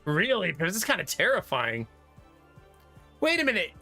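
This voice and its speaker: Brief: male game streamer, high bright voice, chatty and laugh-prone, faint game music underneath. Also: wildly swooping pitch, normal speed. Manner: chatty, laughs often, reads out viewer comments. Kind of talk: casual live-stream chat.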